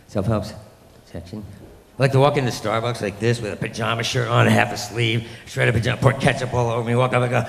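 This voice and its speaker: A man in his fifties doing a rambling, self-deprecating stand-up comedy set, now and then jumping into loud mock voices. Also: medium pitch, fairly even intonation, brisk, creaky, a little hiss or hum. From New York. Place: comedy club stage. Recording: echoey club room with long reverb.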